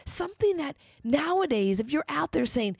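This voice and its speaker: Female podcast host, solo motivational monologue, emphatic bursts, lively intonation. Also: high-pitched, moderate pace, creaky, dry recording, studio quality. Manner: candid and rambling, with bursts of emphatic energy.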